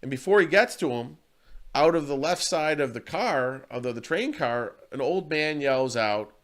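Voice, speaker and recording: Man, interview guest, earnest, rambling, restarts sentences, mid-pitched voice. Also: expressive, normal speed, fairly bright tone. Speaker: martial arts coach. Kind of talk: casual interview talk.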